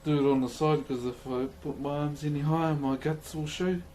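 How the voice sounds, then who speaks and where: A man's voice: fairly high pitch, fairly even intonation, fairly quick, mellow, a little hiss or hum. A New Zealand man livestreaming as he carves wood, chatting casually with viewers, swearing often and thanking them as brother. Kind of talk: casual chat to stream viewers.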